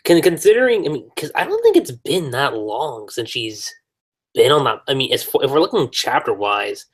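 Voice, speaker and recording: A man guesting on a casual podcast, talking in a hesitant, halting way. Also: medium pitch, very animated, husky. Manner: hesitant, halting, restarts sentences.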